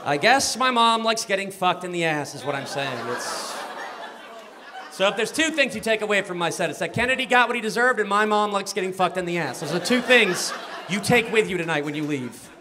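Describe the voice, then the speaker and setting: Brash high-voiced male stand-up comic. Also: lively intonation, brisk, a crowd in the background. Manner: brash, crude, chuckles at own jokes. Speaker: stand-up comedian. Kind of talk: stand-up set. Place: comedy club stage. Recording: noisy live club recording.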